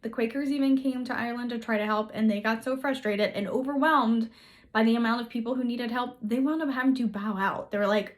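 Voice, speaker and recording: A woman's voice: a little high, brisk. A woman telling history in a casual, chatty way, full of sarcastic, playful asides. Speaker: history video host.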